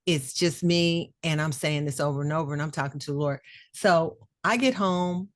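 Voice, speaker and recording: A middle-aged woman with a fairly low voice tells a personal story on a podcast. She talks casually and with feeling, and acts out the people she quotes. Her voice sounds close and dry, with no room echo. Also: moderate pace. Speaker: podcast co-host.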